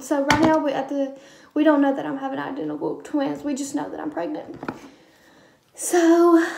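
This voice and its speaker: A woman's voice: high-pitched, vocal fry, warm tone, reverberant. A young woman vlogger chatting casually as she tells a personal story, with lots of ums and quoted dialogue. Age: young adult.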